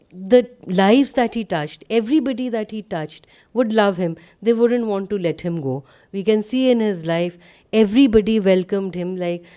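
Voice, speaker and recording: A woman gives a spiritual talk and tells a story. She speaks conversationally and often pauses with fillers. Her voice is mellow and warm. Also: mid-range voice. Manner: conversational, with frequent fillers and light laughter. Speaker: satsang speaker.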